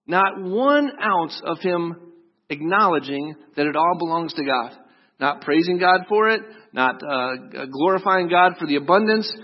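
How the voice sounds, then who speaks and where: A man preaching a sermon as pastor, animated, raising his voice for quoted scripture and joking with the congregation. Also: on the high side, measured pace, long reverb tail. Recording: dull lo-fi sound.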